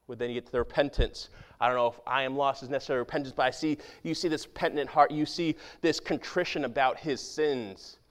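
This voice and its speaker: A man preaching a sermon as pastor, talking conversationally and asking his congregation questions, dropping to a hushed voice for quoted prayers and scripture. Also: mid-range voice, steady tone, fast. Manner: drops to a hushed voice when quoting prayers and scripture.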